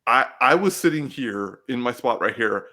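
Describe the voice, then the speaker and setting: A man co-hosts a casual podcast, talking with real excitement and emotion. His pitch swings widely as he gets worked up, and he trips over restarts and swears freely. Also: moderate pace. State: getting teary-eyed. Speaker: podcast co-host.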